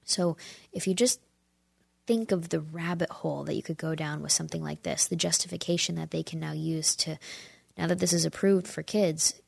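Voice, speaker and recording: A woman's voice: low voice, steady tone, moderate pace, creaky, darkish tone, no room sound. A woman hosting a podcast, ranting heatedly in a casual monologue and sometimes dropping into whispers. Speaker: podcast host.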